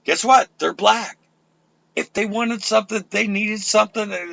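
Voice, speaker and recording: Gravelly, fiery older radio ranter man. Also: sits high, fairly even intonation, normal speed. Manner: loud, profane, fiery ranting. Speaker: radio show host. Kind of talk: ranting talk radio.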